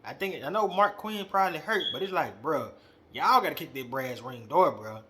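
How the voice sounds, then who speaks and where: Slangy, animated young man ranting. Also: on the high side, normal speed, background noise. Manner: animated, slangy, calls out directly. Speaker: wrestling podcast host. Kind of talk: casual opinion monologue.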